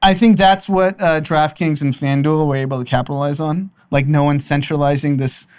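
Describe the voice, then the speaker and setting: A man in his thirties with a fairly high voice, chatting casually as a podcast co-host. He talks in an animated way and laughs easily. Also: normal speed, smooth. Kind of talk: casual chat.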